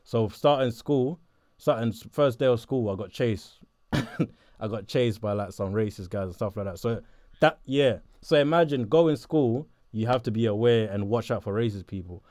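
A young man from southeast London with a South London accent, chatting casually in an interview, laid-back and quick to laugh. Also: medium pitch, a little mellow, no echo, clean studio sound. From Botswana, raised in southeast London.

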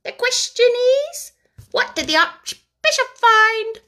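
A woman's voice: extremely high pitch, lively intonation, slow, sharp tone, voice pushed up, full character voice. A woman voicing a blunt, literal-minded duck.

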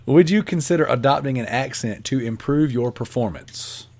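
A man's voice: medium pitch, moderate pace, darkish tone. A man co-hosting a podcast, reading listener questions and teasing the others, laughing often. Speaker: podcast co-host. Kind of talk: casual podcast banter.

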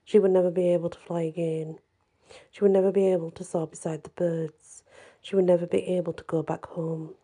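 A woman narrating a dark fairy tale in a measured, somber reading. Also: fairly low pitch, little pitch movement, breathy edge. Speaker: storyteller.

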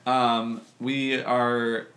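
A man's voice: mid-range voice, little pitch movement, very slow, fairly bright tone. A young man telling laid-back, slangy stories from his old job in a casual chat. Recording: roomy echo.

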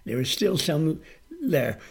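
Guy telling a story in an interview, voice a bit high, acts out all the quotes. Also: expressive, takes it slowly, creaky, darkish tone, breathy edge. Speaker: magic performance coach.

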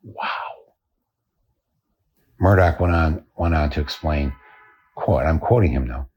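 A man hosting a podcast, delivering a satirical comic monologue in a dry, deadpan way. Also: extremely low pitch, takes it slowly, husky, lo-fi sound. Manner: dry, deadpan telling with chuckles. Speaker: podcast host.

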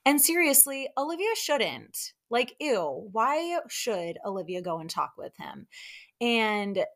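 A young woman hosting a casual recap podcast, chatty and animated, acting out what people said in put-on voices. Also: on the high side, slow. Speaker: podcast host recapping reality TV. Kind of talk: casual chat.

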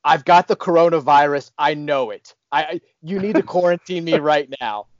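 A man putting on the voice of a panicky stranger who loudly insists he isn't yelling in an ER waiting room. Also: on the high side, normal speed, dry recording, highs cut off, pitched above the performer's own voice, natural voice. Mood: panicked yelling. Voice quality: loud, insistent shouting.

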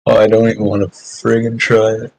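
A man's voice: lowish voice, completely flat delivery, brisk, gravelly, crowd noise. A young man chatting on a podcast with friends, laid-back and blunt, swearing casually. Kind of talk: casual chat among friends.

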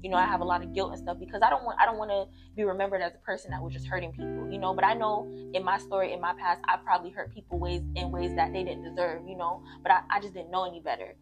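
A young woman talks through her feelings in an easygoing, reflective way, often circling back with "you know". Guitar music plays clearly underneath her. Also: on the low side, steady tone, rapid-fire, hardly any pauses. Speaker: daughter in family conversation. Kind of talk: casual heartfelt chat.

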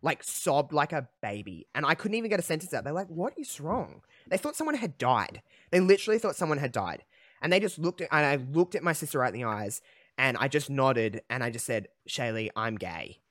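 A young man hosting a podcast, telling a personal story in a candid, emotional way, halting often with fillers. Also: a little high, sing-song, fairly bright tone, no echo, studio quality. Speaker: podcast host.

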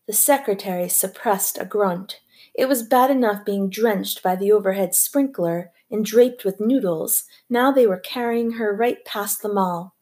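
This is a woman reading a novel aloud for an audiobook. Her pitch sits in the middle for a woman. Her delivery is measured and even, suited to storytelling. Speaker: audiobook narrator. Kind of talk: scripted narration.

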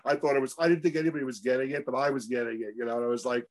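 A man who works as a radio host joins a casual film chat at an ordinary, middle pitch. He tells his story with self-amusement, repeating words as he goes. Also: racing.

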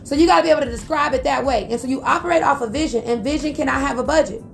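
A high-voiced woman hosts a motivational business podcast. Her voice has a gravelly edge, and she talks in a lively, preachy way straight to her listeners. Faint music sits behind her. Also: very fast. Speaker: podcast host.

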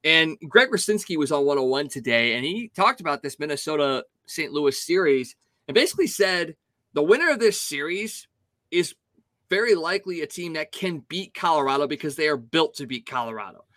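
A man breaks down hockey games on a casual podcast, talking with animated conviction. His voice sits a bit high and sounds bright. The recording is dry and close. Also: fairly quick, dry recording. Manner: animated, opinionated hockey analysis. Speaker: podcast co-host. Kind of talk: casual sports talk.

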